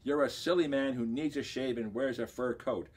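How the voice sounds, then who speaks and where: A man voicing an enraged male vice president, loud and scolding. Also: mid-range voice, moderate pace, slightly rough, close to an everyday voice.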